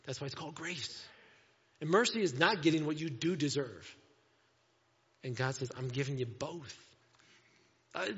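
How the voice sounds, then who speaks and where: Animated high-voiced preacher in a hall. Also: male voice, slightly rough. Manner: animated, acts out voices in quotes. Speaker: pastor. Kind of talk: sermon. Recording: dull sound with long hall reverb.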